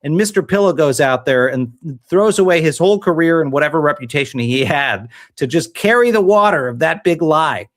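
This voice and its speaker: Lively high-voiced male talk host. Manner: brisk newsy delivery, teasing questions. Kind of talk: political talk show hosting.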